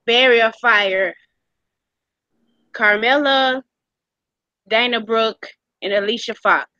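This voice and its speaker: A woman's voice: a little high, slow, bright, forceful tone, dry recording, dull audio. A woman co-hosting a podcast in casual chat, leading the segment with upbeat exclamations. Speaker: podcast co-host.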